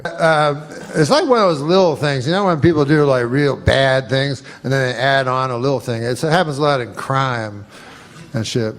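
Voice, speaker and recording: A male comedian telling a rambling, profane story in a deadpan way, with many fillers. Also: mid-range voice, moderate pace. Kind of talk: stand-up style storytelling.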